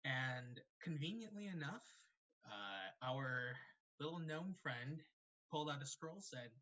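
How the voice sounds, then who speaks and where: A man narrating a live-streamed tabletop game as game master, relaxed and conversational with many fillers. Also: medium pitch, moderate pace, lo-fi sound.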